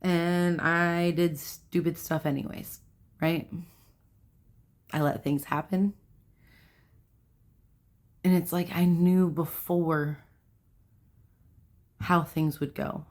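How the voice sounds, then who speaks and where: A woman's voice: fairly low pitch, steady tone, takes it slowly, pauses often, a little mellow. A young adult woman hosting a self-help video, talking casually to camera in a rambling way, with fillers and self-corrections.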